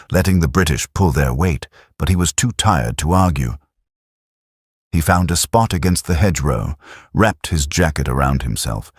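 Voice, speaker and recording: A man narrates a wartime story in a steady, measured way. His voice is extremely low and husky, with lively inflection. The sound is close and dry. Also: dry recording. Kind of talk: scripted war story narration.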